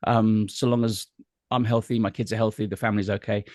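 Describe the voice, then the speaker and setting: A middle-aged British man talking candidly in an interview, with a wry, halting manner and many restarts. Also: on the low side, little pitch movement, darkish tone, no room sound, clean studio sound. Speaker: guest entertainer. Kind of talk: interview conversation.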